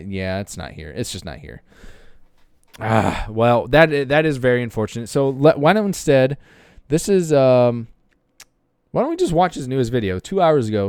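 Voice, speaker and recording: A man's voice: mid-range voice, a little mellow, clean tone, no echo, clean studio sound. A man hosting a podcast, talking casually and rambling with lots of fillers and restarts while browsing videos. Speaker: podcast host.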